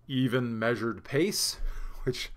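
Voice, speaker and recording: A man's voice: medium pitch, slow pace. A man presenting a weekly market note in a casual, rambling way, out of breath after a workout and laughing at himself. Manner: chatty, self-deprecating, rambling with restarts. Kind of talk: casual unscripted market commentary.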